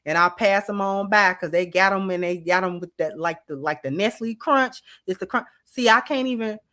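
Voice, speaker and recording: Animated, drawling woman talking to her viewers. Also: mid-range voice, normal speed. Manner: animated, drawling, talks straight to chat. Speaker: channel host. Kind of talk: casual livestream commentary to viewers.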